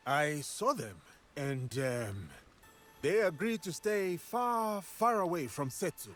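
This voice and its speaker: Calm game warrior, very slow, matter-of-fact, slightly high, expressive pitch. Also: male voice, faint music behind, exaggerated voice. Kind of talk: video game dialogue.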